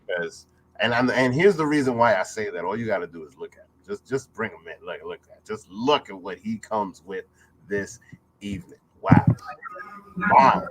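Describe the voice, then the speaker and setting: A man with a lowish voice hosts a casual online review chat. His pitch swings widely as he exclaims and laughs, heard through a video-call mic. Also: lively intonation, normal speed, noisy background. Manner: exclamatory, repeats "wow", laughs often. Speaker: host.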